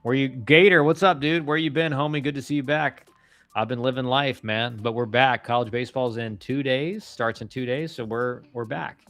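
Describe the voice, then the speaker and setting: A man's voice: medium pitch, moderate pace, fairly bright tone, dry recording, faint music behind. A man hosting a casual live stream and answering viewer questions. He talks in a laid-back, rambling way with slang and many restarts. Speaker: live-stream host, former college ballplayer.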